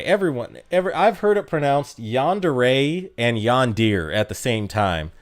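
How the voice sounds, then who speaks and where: A man's voice: mid-range voice, very animated, slow pace. A young man streaming a mobile game, chatting casually with his chat and laughing at himself. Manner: chatty, self-mocking, laughs often.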